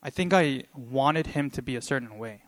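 A young man giving a sermon and sharing a personal story, talking earnestly and haltingly with many pauses, choked up with emotion. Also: mid-range voice. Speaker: preacher.

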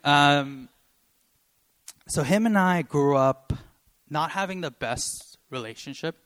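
A young man giving a sermon and sharing a personal story, talking earnestly and haltingly with many pauses, choked up with emotion. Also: on the high side, fairly bright tone. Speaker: preacher.

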